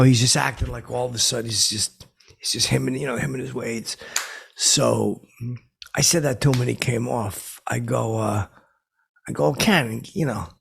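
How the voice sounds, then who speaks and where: A deluded, washed-up comedian, played by a man, rambles through his own podcast from home. His voice is deeply gravelly, with a rough, husky rasp and plenty of fry. He talks in halting, self-important bursts, stalling on fillers and restarting his sentences. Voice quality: gravelly and raspy. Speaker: podcast host. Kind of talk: improvised comic character monologue.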